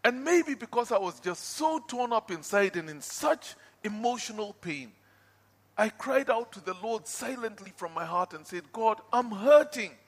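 A man preaching a sermon and telling his own testimony, swinging from loud outbursts to hushed pleading. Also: sits high, expressive, moderate pace, in a large hall.

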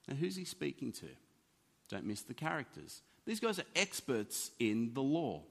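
Guy preaching a sermon, lively up and down voice, chatty teaching, big reverby hall. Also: medium pitch, a little slow. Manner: animated, conversational teaching with restarts.

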